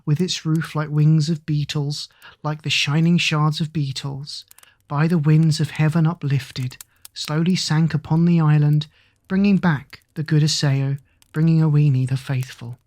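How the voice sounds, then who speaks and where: A narrator reading an epic poem aloud as a bedtime sleep story, in a measured, rhythmic recitation. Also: medium pitch, darkish tone.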